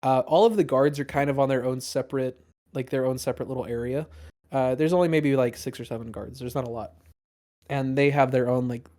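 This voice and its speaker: A man's voice: mid-range voice, fairly even intonation, a little fast, mellow. A man narrating a tabletop game as dungeon master, rambling with many fillers.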